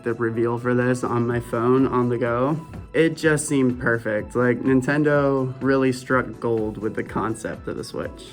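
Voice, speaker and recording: Laid-back young man vlogging nostalgically. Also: mid-range voice. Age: 20s. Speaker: gaming vlogger host. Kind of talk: casual walking vlog narration.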